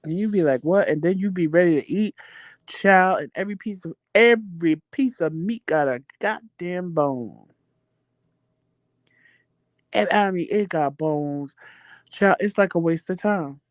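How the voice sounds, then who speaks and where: A man hosting a casual live chat, answering viewer comments with animated, profane storytelling. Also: high voice, unhurried, dry recording. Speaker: livestream chat host.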